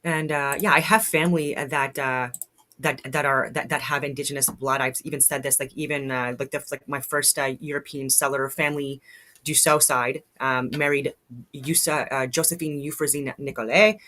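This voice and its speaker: A woman's voice: a bass voice, steady tone, normal speed, fairly bright tone. Fired-up woman vlogger, blunt. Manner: fired-up, blunt, swears, rambles with restarts. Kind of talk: casual commentary to camera. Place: at home in a log house.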